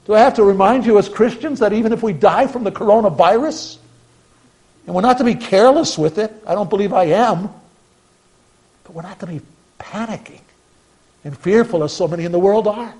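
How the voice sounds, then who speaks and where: A male pastor delivering a sermon in a notably high voice. He speaks with earnest conviction, pressing hard on key phrases and then dropping almost to a murmur. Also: brisk, pauses often, breathy edge, low-quality recording. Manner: earnest preaching, swings from emphatic to hushed.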